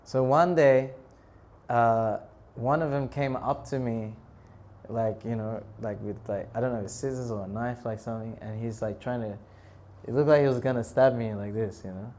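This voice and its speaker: Casting: man in his thirties, animated storyteller in a temple talk, mid-pitched voice, laughs a lot. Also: moderate pace. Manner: animated, laughs often, bursts into shouted prayers. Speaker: monk preacher.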